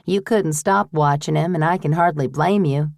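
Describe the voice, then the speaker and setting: A woman voicing a shrewd older woman who runs a boarding house, brisk, firm and teasing. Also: low voice, vocal fry, darkish tone, no echo, studio quality. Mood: playful.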